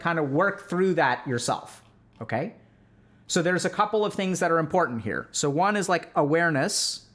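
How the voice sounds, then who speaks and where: A man's voice: a little high, fairly bright tone. A man, a clinician, explaining parenting in a casual, conversational way, peppering his talk with "like" and frequent "right?" check-ins. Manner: sarcastic when mocking strict views. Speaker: clinician giving parenting advice.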